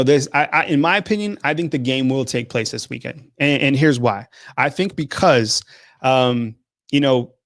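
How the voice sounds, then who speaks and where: A man's voice: mid-range voice, no room sound, studio quality. A man hosting a sports call-in show, talking hesitantly with many restarts. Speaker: host.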